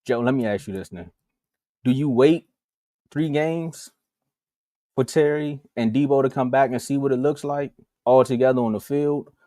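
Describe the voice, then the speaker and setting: A man co-hosting a sports talk show in casual, animated, slangy chat over a video call. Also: mid-range voice, moderate pace, pauses often, dry recording, studio quality. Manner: animated, slangy, acts out quotes.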